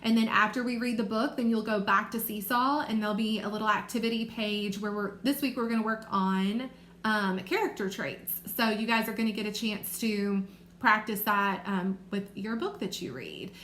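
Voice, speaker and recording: A woman teaching a remote reading lesson to young children, sounding out letters and words slowly and clearly. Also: medium pitch, a bit bright. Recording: echoey room with faint noise.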